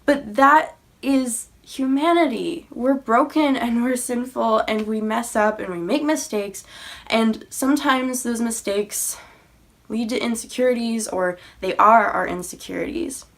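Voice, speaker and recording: A young woman who makes faith vlogs speaks to her viewers about faith and insecurity, her voice fairly high, a little slow and touched with vocal fry. She sounds sincere and encouraging, talking casually with lots of "you know" and "like."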